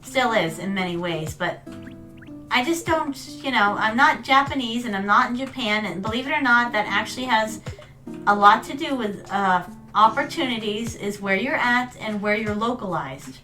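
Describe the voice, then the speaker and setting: Woman streamer, high voice, bright, chatty storyteller, fond "my darlings", distant mic, soft background music. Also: lively intonation, moderate pace. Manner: storytelling, calls viewers "my darlings". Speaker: VTuber streamer. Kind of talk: casual chat while gaming.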